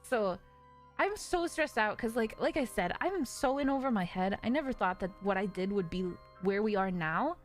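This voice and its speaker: A woman's voice: mid-range voice, lively intonation, moderate pace, faint music behind. A woman in her twenties, a streamer, talking in casual live-stream chat in an earnest, confiding way with many fillers.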